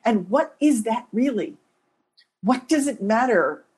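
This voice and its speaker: A woman co-hosting a podcast, telling stories in a lively, self-deprecating way and laughing as she talks. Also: fairly high pitch, measured pace, husky. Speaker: podcast co-host. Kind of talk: casual conversational storytelling.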